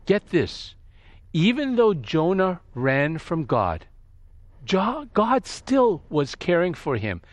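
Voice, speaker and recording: Expressive male preacher, dry close sound. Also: sits high, takes it slowly, no echo. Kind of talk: sermon reading and explaining scripture.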